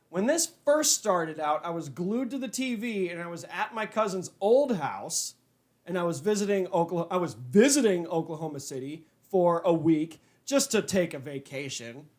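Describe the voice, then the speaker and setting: A man hosting a casual podcast, ranting with profanity and stammered restarts, then settling into a low, laid-back tone. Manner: animated, profane, restarts and stammers when worked up; calms down to a low, mellow, drawn-out tone. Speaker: podcast host.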